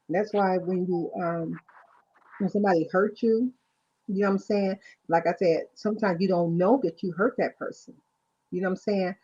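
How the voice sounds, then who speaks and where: Husky woman hosting a faith livestream. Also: medium pitch, mellow. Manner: repeats "you know what I'm saying". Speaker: livestream host. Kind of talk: casual faith talk. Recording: dull lo-fi sound.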